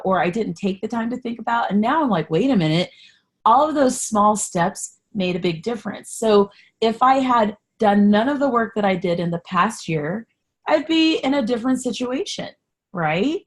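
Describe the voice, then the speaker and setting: A woman hosting a solo podcast in a candid, chatty way, sarcastic about herself and passionately encouraging. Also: mid-range voice. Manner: animated, encouraging, gets passionate. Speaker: podcast host. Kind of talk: casual solo podcast talk.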